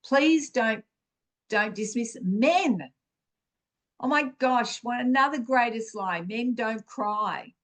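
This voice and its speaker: Slow, earnest woman giving spiritual teaching. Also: on the high side, expressive. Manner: earnest, encouraging, with many fillers and restarts. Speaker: podcast host.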